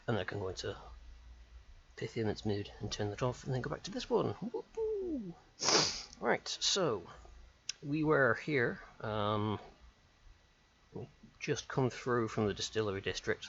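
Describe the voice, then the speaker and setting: A man's voice: mid-range voice, creaky, muffled recording, a little hiss or hum. A man chatting live as a game streamer, rambling and self-deprecating. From United Kingdom. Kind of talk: live gaming stream chat.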